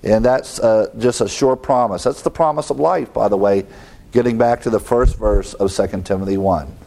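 A man's voice: fairly low pitch, normal speed, vocal fry, mellow. A man preaching an expository sermon with an earnest teaching tone, quoting scripture and asking rhetorical questions.

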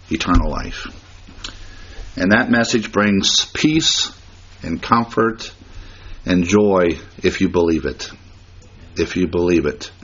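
A male pastor delivers a sermon in a husky voice at an ordinary pitch, pressing his points by saying them again and again. The recording sounds dull and lo-fi. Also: fairly bright tone. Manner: emphatic repetition, chuckles at his own jokes.

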